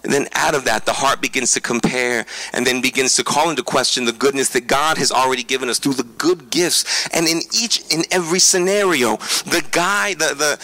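A male pastor preaches in a bright, forceful voice sitting a little high for a man. He is earnest and emphatic and talks straight to his listeners, often restarting mid-phrase. The sound is close and dry. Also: no echo, low-quality recording. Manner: quick preaching with frequent restarts. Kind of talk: conversational sermon.

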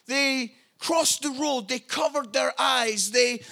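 Man preaching, high voice, slow deliberate delivery, bright tone, impassioned. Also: vocal fry. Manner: impassioned, building to shouted appeals. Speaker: pastor. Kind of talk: passionate sermon.

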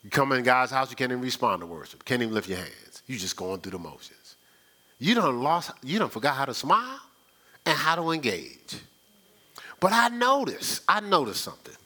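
A man's voice: medium pitch, very animated, normal speed, bright, forceful tone. A male pastor preaching a sermon in a colloquial, conversational way, often asking the crowd "right?". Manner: call-and-response, asks "right?".

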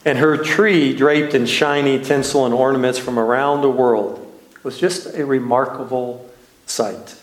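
Man, minister, slow nostalgic storytelling, mid-pitched voice, echoey room. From Texas. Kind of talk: storytelling sermon.

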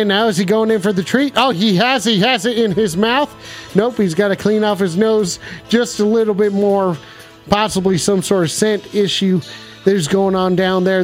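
A man hosting a mock call-in comedy show in a rowdy, profane cowboy persona who bursts into whooping shouts. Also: high-pitched. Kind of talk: improvised comedy bit.

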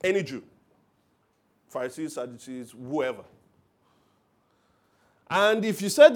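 A man preaching a sermon, telling stories with loud emphatic bursts and quiet asides. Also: mid-range voice, normal speed, long pauses. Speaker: pastor.

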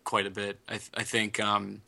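Very bright-voiced man recapping a show. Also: on the low side, monotone, normal speed, vocal fry. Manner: rambling, with many fillers and restarts while retelling scenes. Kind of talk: casual TV recap chat.

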